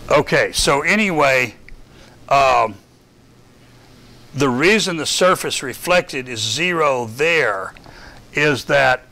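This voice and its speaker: A man running a lab session, explaining a data file while thinking aloud, halting with many fillers. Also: mid-range voice, expressive, vocal fry, bright, forceful tone. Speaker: lab instructor. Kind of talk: classroom lab walkthrough.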